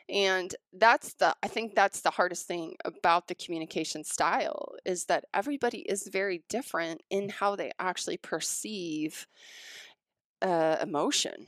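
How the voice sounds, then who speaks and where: A woman talking casually as a podcast co-host, excitable and animated as she tells stories. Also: fairly low pitch, moderate pace, no echo. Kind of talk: casual chat.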